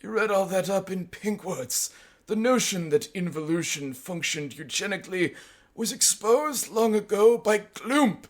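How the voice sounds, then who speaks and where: A man reading an audiobook as its narrator, in a steady, plain manner. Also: high-pitched, measured pace. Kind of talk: scripted narration.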